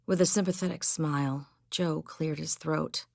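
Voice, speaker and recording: A woman reads an audiobook aloud in a measured, even storytelling manner. Her voice sits low with a gravelly edge, recorded close and dry. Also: dry recording. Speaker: audiobook narrator. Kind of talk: scripted narration. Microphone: close studio mic.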